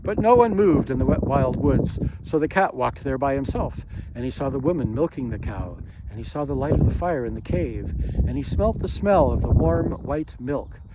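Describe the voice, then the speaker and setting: A man's voice: mid-range voice, lively intonation, normal speed. Man reading a children's story. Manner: rhythmic, lilting storytelling. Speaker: narrator. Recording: hissy home recording.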